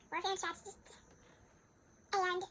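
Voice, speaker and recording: A young woman with a very high voice walks through a history topic in a relaxed, chatty way, padding her sentences with ums and giggly side comments. Her tone is bright and sharp. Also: slight background noise, rough recording. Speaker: student presenter. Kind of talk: casual history presentation.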